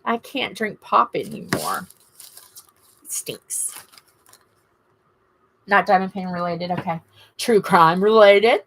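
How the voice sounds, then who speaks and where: A woman's voice: medium pitch, slow, long pauses, a bit bright, a little hiss or hum. A middle-aged woman with a Southern US accent, hosting a casual livestream and chatting in a rambling, gushing way with her viewers. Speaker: livestream host. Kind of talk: casual live-stream chat to viewers.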